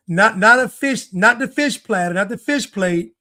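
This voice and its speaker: A man streaming casual reaction commentary on video clips, animated and repetitive, jumping up in pitch for emphasis. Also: measured pace.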